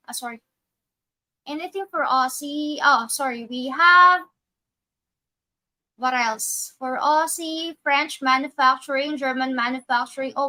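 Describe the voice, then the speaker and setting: A woman guides viewers through a trading chart in a high, bright voice. She talks slowly and methodically, thinking aloud and correcting herself as she goes. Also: low-quality recording. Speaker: trading educator. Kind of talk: live trading walkthrough.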